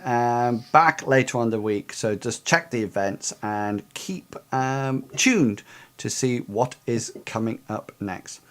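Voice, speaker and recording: A man hosting an online tabletop game stream as game master, speaking haltingly with many fillers as he wraps up. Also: mid-range voice.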